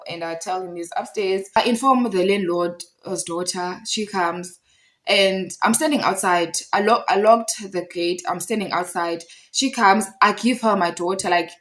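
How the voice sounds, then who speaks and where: A woman's voice: medium pitch, unhurried, fairly bright tone, rough recording. Young woman, South African accent, heated storytime vlog, emphatic, repeats herself. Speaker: storyteller vlogger. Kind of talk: casual storytime retelling.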